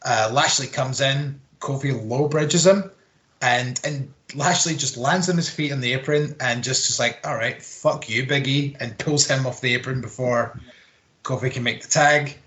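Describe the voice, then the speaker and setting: A man's voice: medium pitch, normal speed, a bit bright. A man, co-hosting a podcast and recapping wrestling in a rambling, sweary, casual chat. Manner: rambling, sweary play-by-play with filler words. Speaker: podcast co-host.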